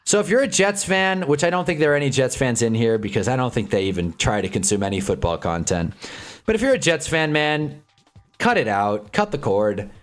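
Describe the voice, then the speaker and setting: A man hosting a live stream, chatting casually and sarcastically in a rambling, animated way, reading chat and reacting as he goes. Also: medium pitch, fairly quick, soft background music. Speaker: livestream host.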